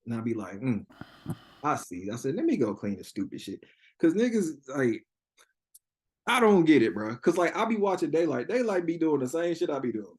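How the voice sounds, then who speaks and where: Animated young man, lively pitch. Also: moderate pace. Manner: animated, profane, laughs often, acts out quotes in a high voice. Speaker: interview guest. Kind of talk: casual storytelling interview.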